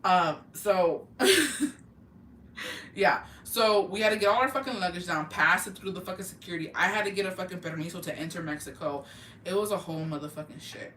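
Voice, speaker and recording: A woman's voice: fairly low pitch, moderate pace, fairly bright tone, a little hiss or hum. A woman telling a casual storytime vlog, blunt and heavy on swearing, dropping Spanish words into her talk. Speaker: vlogger. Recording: echoey room, mic at a distance.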